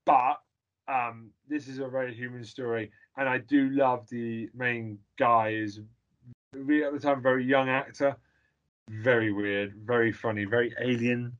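A man's voice: medium pitch, fairly even intonation, measured pace, muffled recording. A man in casual chat, blunt and rambling, swearing freely as he gives his opinions.

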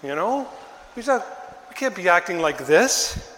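With a high-pitched, unhurried voice, an older man preaching as pastor narrates the story in a lively, chatty manner and mimics the bystanders in tiny voices. The room is echoey with a long reverb tail and slight background noise.

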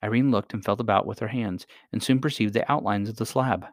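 A man calmly reading a children's story aloud as narrator. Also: fairly low pitch, brisk, no room sound, studio quality.

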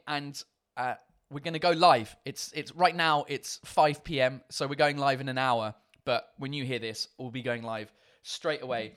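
A man with a notably high voice, hosting his own comedy podcast and live show. He rambles casually, full of fillers and swear words, mocking himself along the way. He sounds tired. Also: fairly bright tone. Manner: swears freely, self-mocking, chatty with many fillers. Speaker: comedy podcast and livestream host.

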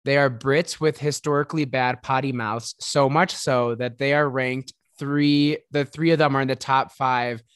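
A man's voice: mid-range voice, fairly even intonation, moderate pace, hardly any pauses, fairly bright tone, clean tone, no echo, studio quality. A man with a Midwestern accent co-hosting a podcast, bantering playfully with frequent giggles. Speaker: podcast co-host. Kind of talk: casual chat.

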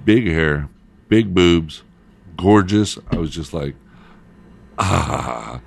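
A man's voice: sits low, lively intonation, drawn-out words, gravelly, breathy edge. A middle-aged man, a radio host and former DJ, telling loose stories in casual chat and laughing as he goes.

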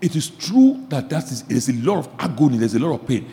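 A male pastor preaching a sermon, swinging from quiet asides to shouted emphasis, repeating phrases and asking the audience questions. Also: medium pitch, very animated, fairly quick, long reverb tail.

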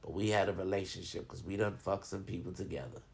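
Male vlogger, low gravelly voice, profane and animated storytelling. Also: fast talker. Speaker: vlogger giving advice. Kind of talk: casual storytelling monologue.

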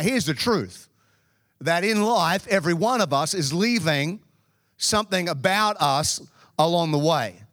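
A man's voice: fairly high pitch, a bit bright, no room sound, studio quality. A middle-aged Australian man preaching a sermon through humorous, self-deprecating stories from his youth. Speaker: pastor. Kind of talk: storytelling sermon.

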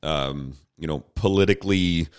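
A man's voice: sits low, moderate pace, clean tone. A man co-hosting a casual Bible discussion podcast, steering the talk with dry, wry remarks. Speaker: podcast co-host.

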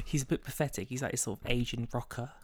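A woman's voice: rumbling low, fairly quick. A young woman co-hosting a film podcast, chatting casually and giggling often. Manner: conversational, giggly. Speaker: podcast co-host. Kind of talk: casual chat.

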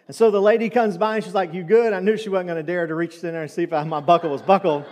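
A man's voice: high voice, steady tone, rapid-fire, few pauses, a little mellow, in a large hall. A man preaching a sermon, telling stories and asking asides of the congregation in a church. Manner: storytelling, conversational with asides to the congregation. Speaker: pastor. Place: church sanctuary.

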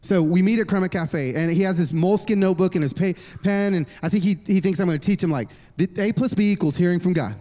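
A man in his thirties preaching a sermon to a congregation, telling a lively personal story with jokes. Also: high-pitched, fast talker, few pauses. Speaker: worship pastor. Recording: long reverb of a large hall.

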